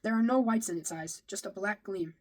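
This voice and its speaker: On a rough recording, a woman with a mid-range voice reads a novel aloud fairly quickly in the first person. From time to time she stumbles and rereads a phrase.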